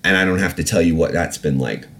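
Here the solo podcast host sounds low-pitched, fast and a bit bright, with slight background noise. His political rant is profane and full of swearing, wandering off into filler-heavy tangents and false starts.

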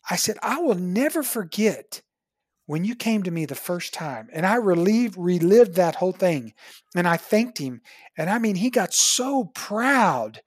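Woman dentist, animated storyteller; breathy, dry close mic. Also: fairly low pitch, measured pace, no echo. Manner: animated storyteller, acts out quoted dialogue. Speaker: dentist, podcast guest. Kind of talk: casual conversation, storytelling.

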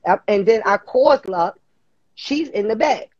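A woman podcast host telling a rowdy story in animated chat, whooping and cursing as she acts out her friends. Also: mid-range voice, measured pace, dry recording, highs cut off.

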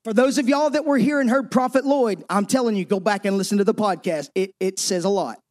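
A man with a strikingly high voice preaches a sermon as pastor. He presses his points with emphasis and sometimes sinks into hushed tones. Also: fairly quick.

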